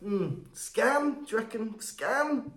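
A man co-hosting a podcast in casual chat, jokey and quick to laugh, making up mock quotes. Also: very high-pitched, expressive, a bit bright. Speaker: podcast co-host. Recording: roomy echo.

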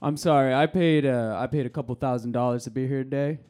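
Guy doing a pompous croissant sponsor, dark mellow voice, bossy, live improv bit. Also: medium pitch, fairly even intonation, fast talker, close to an everyday voice. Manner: pompous, bossy, self-important.

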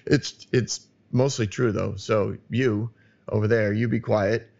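Guy doing his own podcast, gets loud and emphatic, kinda muffled lo-fi sound. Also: lowish voice, fairly even intonation, a little slow, gravelly. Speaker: podcast host. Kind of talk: solo podcast monologue. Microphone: studio microphone.

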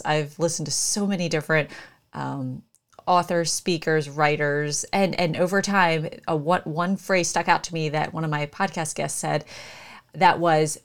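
A woman, a podcast host who is a school principal, asks reflective questions and searches for her words. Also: low voice. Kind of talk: casual interview.

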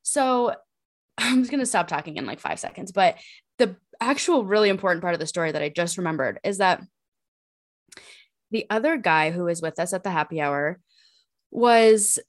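Young woman podcast co-host, rambling and animated, lots of fillers. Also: lowish voice, normal speed, long pauses. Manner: rambling, animated storytelling with many fillers and laughs. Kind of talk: casual chat.

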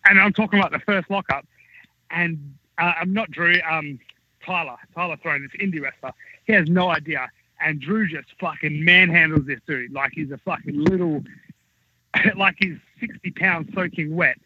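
Man, high voice, husky, swears a lot, rambling animated storyteller, dull lo-fi podcast audio. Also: moderate pace. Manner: rambling, profane, animated anecdote-telling. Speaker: wrestling talent recounting backstage stories.

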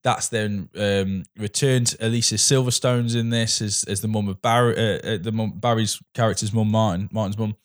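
A man's voice: on the low side, fairly even intonation, normal speed, hardly any pauses. A man chatting casually as a film reviewer, rambling with many restarts. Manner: rambling, restarts, acts out quoted dialogue.

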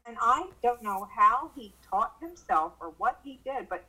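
An older woman being interviewed, telling lively stories about her son and acting out the quoted voices. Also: normal speed, hardly any pauses, low-quality recording. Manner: animated, acts out quoted voices with big pitch jumps. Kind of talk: casual storytelling in a conversation.

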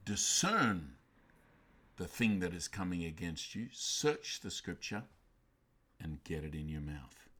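A male pastor preaching a sermon emphatically, swinging from loud bursts down to quiet, intense lines. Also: low-pitched, big pitch swings, slow.

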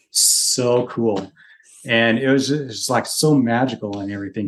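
A man in his forties, a podcast guest, telling a story in casual conversation and acting out the quotes. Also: fairly low pitch. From Utah. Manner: animated, chatty storyteller who acts out quotes.

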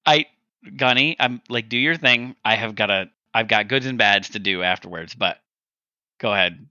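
A man hosting a casual podcast chat, excitable and swearing freely, often breaking into laughter. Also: fairly low pitch, normal speed, no echo, muffled recording. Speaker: podcast host.

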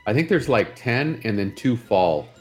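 A man's voice: mid-range voice, very animated, measured pace, soft background music. A man co-hosting a casual morning show, talking plainly and hesitantly with fillers. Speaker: co-host.

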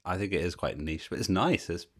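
Guy with a really deep voice, cohosting a chill podcast, asks lots of questions. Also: a little fast. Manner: curious, asks questions, relaxed. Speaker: podcast co-host. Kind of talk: casual chat.

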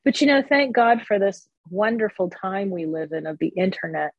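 A woman's voice: mid-range voice, lively intonation, moderate pace, husky, no echo, highs cut off. A woman comedian from Canada chatting as a guest in an interview, joking and sarcastic. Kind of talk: casual interview chat.

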